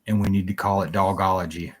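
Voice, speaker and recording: A man's voice: sits low, flat delivery, quick pace. A man hosting a solo talk show, rambling and jumping between stories, swearing freely.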